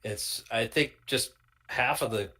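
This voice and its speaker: A man joins a casual chat among friends with dry, joking asides. His voice sits at a middle pitch. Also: a little slow, bright, forceful tone.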